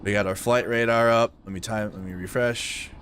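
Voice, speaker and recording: Man, low voice, blunt profane live-stream news commentary, faint background noise. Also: steady tone, moderate pace, fairly bright tone. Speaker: livestream news host.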